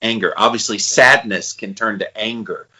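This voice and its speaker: A man in his forties co-hosting a podcast in casual chat, thinking out loud with hesitant restarts. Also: on the low side, moderate pace, rough recording. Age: 40s. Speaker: podcast co-host.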